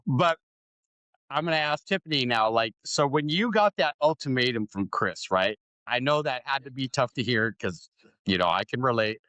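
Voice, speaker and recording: A man's voice: mid-range voice, normal speed, no room sound. A middle-aged man hosting an interview podcast, telling stories animatedly, acting out the voices he quotes, and often asking "right?". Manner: animated storyteller, acts out quoted voices, keeps adding "right?". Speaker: podcast host. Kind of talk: conversational interview.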